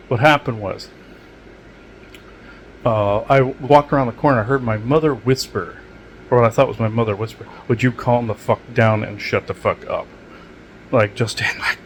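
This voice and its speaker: A man's voice: mid-range voice, a little hiss or hum. Rambling man with lots of ums. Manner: meandering, many fillers and restarts; matter-of-fact about odd experiences. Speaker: channel host. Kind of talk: rambling casual monologue.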